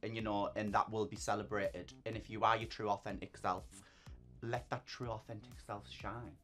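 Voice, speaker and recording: A man's voice: fairly low pitch, little pitch movement, moderate pace, fairly bright tone, faint music behind. A man who performs in drag, chatting casually as an interview guest, bubbly and often laughing. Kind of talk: casual chat.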